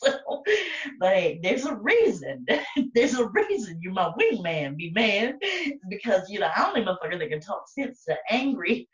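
A woman co-hosts a casual podcast, her voice leaping up and down with a profane, animated delivery. She sits a little back from the mic in an echoey room. The sound is muffled and dull. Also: medium pitch, a little slow. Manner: profane, animated, laughs a lot. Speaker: podcast co-host. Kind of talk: casual chat. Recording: roomy, distant, dull sound.

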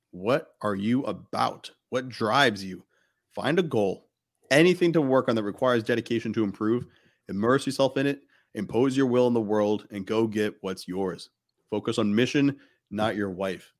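A man's voice: lowish voice, moderate pace. A man hosting a podcast, talking bluntly and emphatically in casual conversation, with frequent swearing. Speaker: podcast host.

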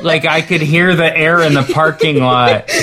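A man's voice: a little high, unhurried, a crowd in the background. A man co-hosting a podcast, chatting casually with a dry, joking delivery. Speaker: podcast co-host.

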